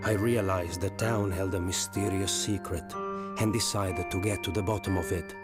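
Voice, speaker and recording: A man's voice: low voice, steady tone, close to an everyday voice. A man voicing a grave, formal detective. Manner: measured and formal. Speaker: game character reading a letter. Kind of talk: scripted voiced dialogue. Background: game music.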